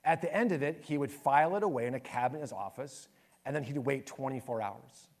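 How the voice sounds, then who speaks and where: A male pastor giving a sermon, telling stories in an animated way and swinging between raised, lively bursts and soft, hushed passages. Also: medium pitch, fast.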